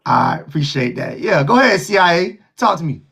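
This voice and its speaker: Raspy, high-voiced man hosting loudly. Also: very animated, fairly quick. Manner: loud, mocking and laughing, slangy trash talk. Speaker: host of a live call-in show. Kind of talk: heated live call-in talk.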